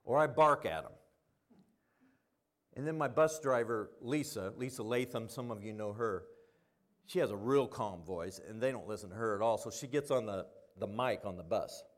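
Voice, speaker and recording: A middle-aged man preaching a sermon, telling stories and swinging between quiet asides and loud emphasis. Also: mid-range voice, normal speed.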